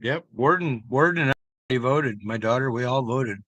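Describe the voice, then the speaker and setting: A man's voice: mid-range voice, moderate pace, a bit bright, no echo. A man chatting casually with his viewers, telling loose, profane stories and chuckling along as he rambles.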